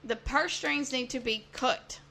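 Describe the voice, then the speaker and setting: A woman co-hosts a podcast in casual, emphatic chat. Her voice is fairly high and bright, and she often circles back over the same words. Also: a little slow, creaky. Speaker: podcast co-host.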